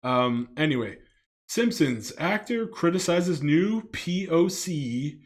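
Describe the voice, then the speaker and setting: A man's voice: on the high side, lively intonation, takes it slowly. A man from Canada giving loose, casual commentary for his video, full of fillers and restarts, with some swearing.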